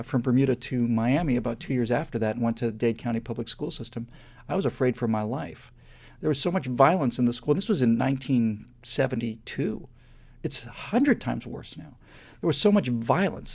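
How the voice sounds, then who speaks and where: Host, male, 50s: gravelly, mellow voice, animated storyteller who trips over his words. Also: mid-range voice. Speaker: show host. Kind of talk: storytelling monologue on a live web show.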